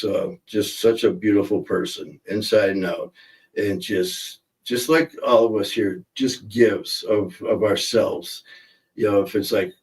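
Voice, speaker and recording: A man's voice: on the low side, darkish tone, recorded from a distance, rough recording. A middle-aged man hosting a casual livestream, rambling and reading viewer comments aloud. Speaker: host.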